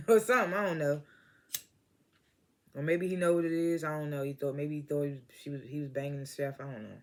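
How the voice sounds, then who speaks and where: Here a TV episode reviewer, a man with a fairly high pitch and a brisk pace, runs through the episode casually. Laughter comes often as he voices the characters' lines, and he says he's stoned.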